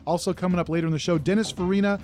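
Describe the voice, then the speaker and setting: A man's voice: high-pitched, steady tone, very fast, a little mellow. A man hosting a talk show, reacting with enthusiasm and reading promos. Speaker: host.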